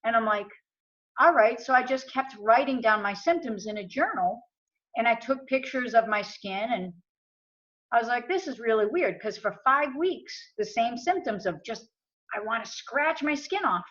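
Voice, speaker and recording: American woman talking casually, acting out what people said, kinda high voice, muffled audio. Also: normal speed. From USA. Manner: animated retelling with quoted dialogue. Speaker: interview guest. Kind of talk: casual storytelling.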